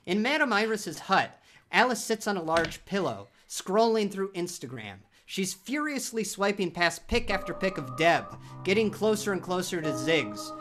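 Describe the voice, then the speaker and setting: A narrator telling a horror audio drama in a vivid, scripted storytelling style, voice pitched in the middle but very animated. Music plays clearly behind the narration. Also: normal speed. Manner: vivid, storytelling delivery with sound-effect shouts.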